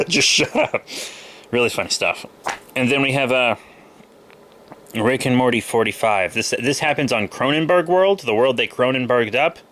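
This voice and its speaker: Bright-voiced young man, a little sick. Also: medium pitch. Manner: rambling, loose, with many fillers. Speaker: comic book vlogger. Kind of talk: casual haul video chat.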